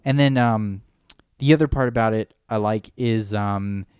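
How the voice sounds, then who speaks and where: A man's voice: on the low side, a little slow, darkish tone, smooth, dry recording, studio quality. A man co-hosting a podcast, chatting casually and enthusiastically, rambling and acting out movie lines. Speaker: podcast co-host. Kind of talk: casual fan chat.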